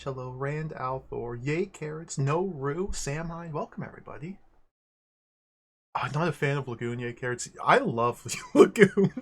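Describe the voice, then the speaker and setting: A man hosting a video game livestream, greeting viewers by name in an excitable, giggly way. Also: medium pitch. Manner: excitable, laughs often, greets chat by name. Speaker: livestream host. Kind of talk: casual livestream chat.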